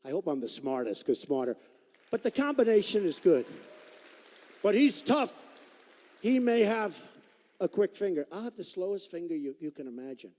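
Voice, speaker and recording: A man in his sixties delivers a campaign rally speech, his fairly high voice swinging widely in pitch. He talks in a repetitive, boastful, conversational way, and his mellow tone rings out with long reverb in a big hall. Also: sing-song, moderate pace, long pauses. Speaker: political candidate at a rally. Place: large performing arts hall.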